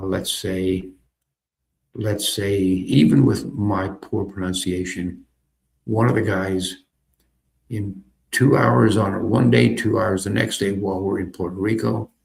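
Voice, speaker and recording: A man's voice: lowish voice, gravelly, darkish tone. A man casually talking through a learning game as he clicks along, thinking aloud and repeating himself. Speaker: software demonstrator. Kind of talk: casual screen-recorded tutorial.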